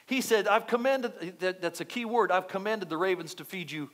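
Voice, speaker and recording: A male pastor delivering an animated sermon in church, repeating phrases and checking in with the congregation. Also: high voice, normal speed. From United States. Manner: animated, repetitive preaching with asides to the congregation.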